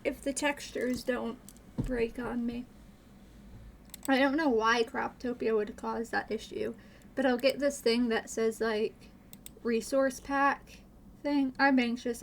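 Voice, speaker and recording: A woman with a slightly high, creaky voice chats casually while streaming and modding a game, rambling, swearing freely and laughing nervously. There's a faint hiss or hum in the audio.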